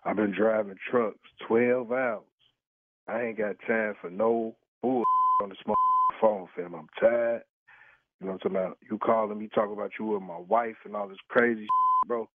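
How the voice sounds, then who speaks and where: A man's voice: on the low side, moderate pace, creaky, no room sound. A man on a phone call, talking in a slangy, repetitive and indignant way as the target of a prank call. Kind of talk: heated phone argument. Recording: tinny phone line.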